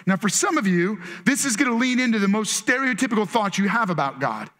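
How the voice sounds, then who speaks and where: Male pastor, thirties, very high bright voice, chatty sermon delivery with acted-out quotes. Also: sing-song, fast. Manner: conversational, acts out quotes in changing voices.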